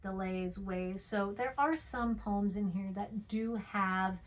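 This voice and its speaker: A woman's voice: mid-range voice, takes it slowly. A woman teaching a poetry lesson, chatty, checking in with "okay?" and "right?", and sounding out rhythms with playful noises.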